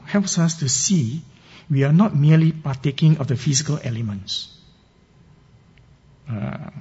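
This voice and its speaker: Man, pastor, sermon, earnest teaching, dark warm voice, muffled recording. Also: medium pitch, breathy edge. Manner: earnest teaching with emphatic scripture readings.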